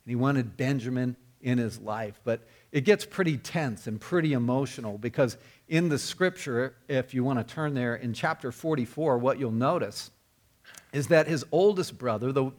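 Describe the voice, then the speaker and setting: A man's voice: medium pitch, moderate pace. A man preaching a sermon, telling the story earnestly and often repeating or restarting his words. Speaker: pastor.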